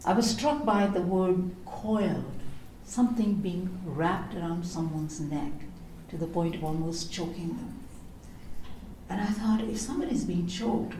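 A middle-aged woman giving a devotional teaching on prayer, telling stories expressively and slowing down to read scripture. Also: fairly low pitch, mellow, a little hiss or hum. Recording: echoey room.

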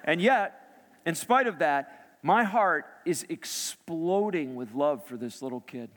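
A man preaching a sermon as a personal story, swinging between raised and hushed delivery. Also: a little high, lively intonation, takes it slowly. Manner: storytelling, dramatic shifts between loud and hushed. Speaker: pastor. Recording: long hall reverb.

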